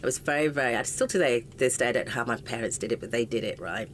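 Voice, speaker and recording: A woman's voice: a bass voice, fast talker, slight background noise. A middle-aged English woman, an interview guest, telling a painful personal story with raw emotion and frequent broken-off sentences. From England. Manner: raw and impassioned, often breaking off mid-sentence.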